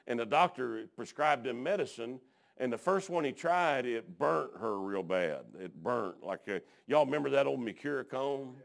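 A man preaching a folksy sermon, telling stories and dropping frequent amens, swinging from hushed to shouting. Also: mid-range voice, expressive, normal speed, vocal fry.

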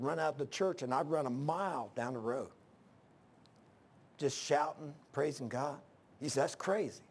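Folksy older man preaching, fairly high voice. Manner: folksy storytelling, bursts into loud exclamations. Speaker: pastor. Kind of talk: informal sermon.

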